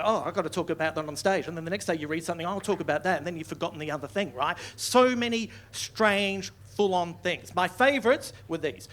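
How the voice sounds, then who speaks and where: A man's voice: high voice, a bit bright, slight background noise. A man with an Australian accent doing live stand-up, sardonic and swearing, turning mock-outraged. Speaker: stand-up comedian. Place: comedy club stage, live audience laughing.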